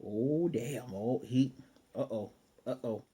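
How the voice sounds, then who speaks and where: A man giving a casual, excitable episode review in slangy speech, swearing and acting out the scenes as he retells them. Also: mid-range voice, takes it slowly, slightly rough. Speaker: anime reviewer.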